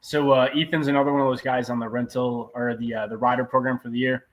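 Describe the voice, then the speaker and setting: A laid-back man talks casually as a guest on a podcast, sounding enthusiastic. His voice sits at an ordinary pitch for a man. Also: flat delivery, quick pace, highs cut off. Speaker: podcast guest, racer and shop owner. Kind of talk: casual chat.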